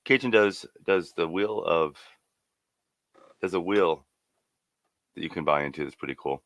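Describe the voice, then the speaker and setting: A man's voice: low voice, measured pace, long pauses, a bit bright, no room sound. A man co-hosting a casual live stream, friendly and chatty as he greets viewers.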